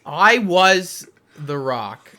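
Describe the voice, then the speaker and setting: Young man, podcast co-host, bright tense voice, animated storytelling, laughing a lot. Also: fairly high pitch, drawn-out words. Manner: animated, laughing often, acting out quotes. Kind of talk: casual storytelling chat.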